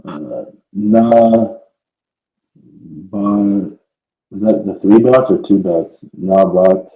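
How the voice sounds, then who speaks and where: Male student, lowish voice, very slow, hesitant, dull muffled call audio. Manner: hesitant, sounding out slowly. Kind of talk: reading aloud syllable by syllable.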